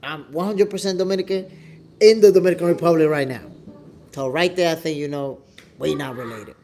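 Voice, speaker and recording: A man from New York City with a New York accent, hosting a boxing show as a casual livestream chat from home, animated and talking straight to his viewers. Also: on the high side, a little fast. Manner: animated, repeats himself, talks straight to viewers. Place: home, at the Dominican Republic.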